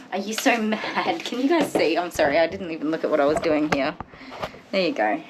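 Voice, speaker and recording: A woman dog groomer chatting casually as she works, laughing often and scolding the dog in sharp bursts. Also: sits low, big pitch swings, a little fast. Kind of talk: casual grooming vlog chat. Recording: loud electric clipper noise behind. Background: electric clippers buzzing.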